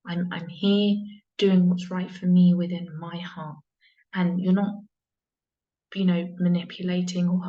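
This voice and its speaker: A woman with a lowish voice gives an earnest inspirational talk as a spiritual mentor. She circles back, repeats phrases and restarts sentences, leaning into soft breathy emphasis. The sound is dull and lo-fi.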